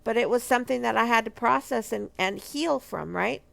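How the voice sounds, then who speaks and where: A woman's voice: fairly high pitch, normal speed, creaky, a bit bright. A middle-aged woman from a marriage ministry, giving an earnest, emphatic testimony and repeating key phrases for weight. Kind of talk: personal testimony teaching.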